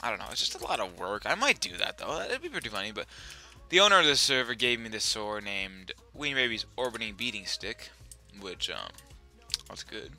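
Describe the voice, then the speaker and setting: A young man giving profane, excitable commentary while playing as a server admin, often repeating himself. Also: on the low side, brisk, faint music behind. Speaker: Minecraft server admin streamer. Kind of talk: gameplay commentary while recording.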